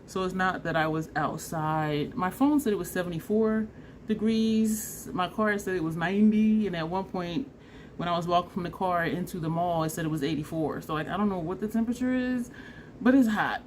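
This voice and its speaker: A woman's voice: fairly low pitch, moderate pace, slight background noise. A woman chatting casually in a makeup vlog at home, laughing and trailing off mid-sentence. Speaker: beauty vlogger.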